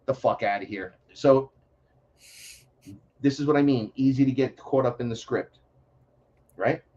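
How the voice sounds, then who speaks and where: A man from the Bronx with a New York accent, a podcast guest talking in a blunt, profane, animated way. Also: medium pitch, a little slow, muffled recording. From New York City, the Bronx. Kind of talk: casual podcast chat.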